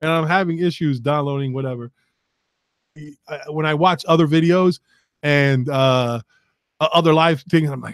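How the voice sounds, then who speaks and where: A man's voice: on the high side, measured pace, no echo, clean studio sound. A middle-aged man, hosting his own podcast in casual, rambling, profane chat while he sets up a live stream. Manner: rambling and profane, muttering to himself. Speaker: podcast host.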